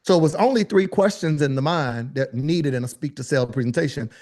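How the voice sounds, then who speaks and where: Lively man coaching a workshop crowd. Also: fairly high pitch, fairly quick. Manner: animated, joking asides, talks to the room directly. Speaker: business speaking coach. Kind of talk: live workshop teaching.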